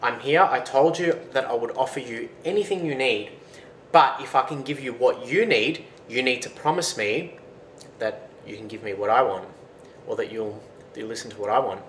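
A man's voice: normal speed, fairly bright tone, natural voice. Brave young quester, earnest and eager, as a male narrator does him; roomy, faint hiss. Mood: calm. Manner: earnest, raised pitch.

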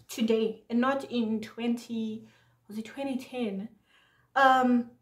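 A young woman from Zimbabwe tells a story from her life in a casual vlog, acting out both sides of a phone argument in lively voices. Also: a little high, roomy sound. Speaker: vlogger.

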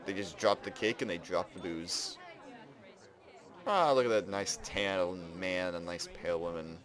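A man giving casual let's play commentary, excitably exclaiming and narrating what he does in the game. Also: deep voice, unhurried, a faint crowd. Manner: excitable, exclaims and narrates his own actions. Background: game music.

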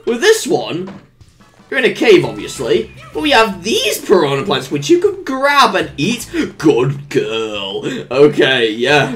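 Unhurried, lively gameplay commentator. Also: medium pitch. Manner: hums little made-up tunes while playing; coos at the game characters like pets. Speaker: let's play commentator.

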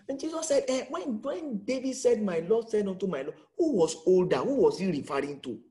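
A man's voice: high-pitched, lively intonation, normal speed, warm tone. A man with a Nigerian accent preaching an emphatic sermon as pastor, full of rhetorical questions.

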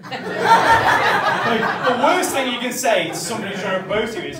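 A tipsy young man tells a stand-up story in a high voice that swings up and down, swearing nearly every line and laughing at his own jokes. He is recorded from a distance in a small club with heavy echo. A crowd laughs around him. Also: sing-song, normal speed. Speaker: stand-up comedian. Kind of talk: stand-up comedy set.

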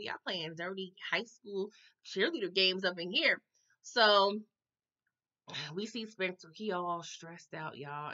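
Sassy, bright-voiced woman recapping a show. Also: mid-range voice, lo-fi sound. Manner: sassy, animated, addresses viewers as y'all. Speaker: TV recap host. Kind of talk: casual recap chat.

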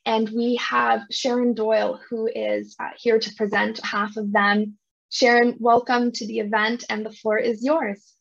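A woman's voice: on the high side, little pitch movement, moderate pace, gravelly. A woman moderating a virtual summit over a video call, gracious and hesitant, with many uh fillers. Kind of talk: hosting a virtual event. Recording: dull lo-fi call audio.

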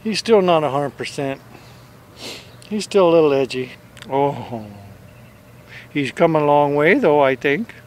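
A man's voice: a little high, a little slow, pauses often, slight background noise. A man filming his dogs and coaxing them in sing-song baby talk.

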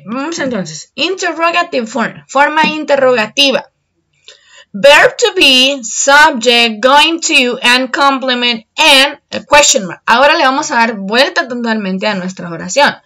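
Woman teacher, a bit high voice, patient, repeats things in two languages. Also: fairly bright tone. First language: Spanish. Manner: patient, explains slowly and repeats in Spanish. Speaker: English teacher. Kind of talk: bilingual online English lesson.

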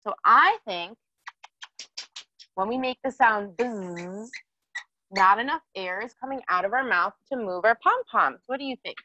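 A woman's voice: mid-range voice, lively intonation, unhurried, long pauses, sharp tone, dry recording, lo-fi sound. Cheerful woman teaching kids yoga. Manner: cheerful, encouraging, asks children questions. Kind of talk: guiding a children's yoga class.

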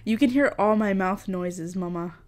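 Setting up a new condenser microphone at home, a young woman keeps up a casual, self-amused vlog chat, addressing the mic itself. She speaks at normal speed in a medium-pitched, darkish voice.

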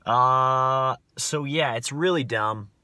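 A man's voice: mid-range voice, lively intonation, moderate pace, bright, forceful tone, dry recording. A young man rambling bluntly to his viewers in a casual, profane rant, full of fillers and restarts. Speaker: vlogger.

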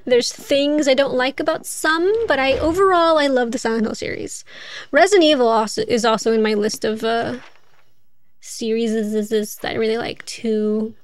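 High-voiced chatty woman streamer. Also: normal speed. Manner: chatty, thinks aloud, laughs often. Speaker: game streamer. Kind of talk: casual gameplay commentary.

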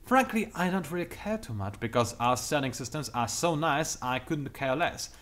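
A young man hosting a strategy game tutorial, talking quickly through detailed explanations with dry, sarcastic asides. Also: fairly high pitch, animated, a bit bright. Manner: talks fast, self-admittedly. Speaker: gameplay tutorial host. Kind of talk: explanatory let's-play commentary.

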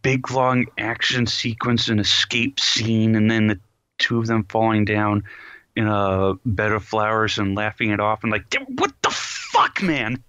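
A man co-hosting a podcast in casual chat, ranting in an animated, exasperated way with sighs. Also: fairly low pitch, measured pace, clear, resonant tone, no room sound, highs cut off. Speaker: podcast co-host.

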